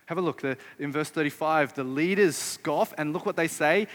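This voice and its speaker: A man's voice: high voice, brisk, hardly any pauses, a bit bright, big-room sound. A man preaching a sermon, emphatic and often putting rhetorical questions to his listeners. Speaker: pastor.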